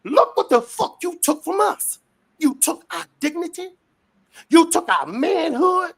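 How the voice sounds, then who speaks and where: Gravelly, fiery man for a street interview rant, loud and profane. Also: very high voice, animated, a little slow. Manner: fiery, profane, shouting rants.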